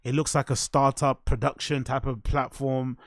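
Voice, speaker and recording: A British man hosting a show, giving casual reaction commentary in an animated, slangy way with constant swearing. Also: mid-range voice, moderate pace, creaky, dry recording, clean studio sound. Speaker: host.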